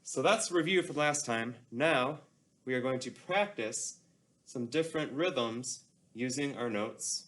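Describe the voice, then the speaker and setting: Guy music teacher going real slow and patient, middle pitch. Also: animated, fairly bright tone. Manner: slow, patient, clear explanations with call-and-response chanting. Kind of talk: classroom music lesson.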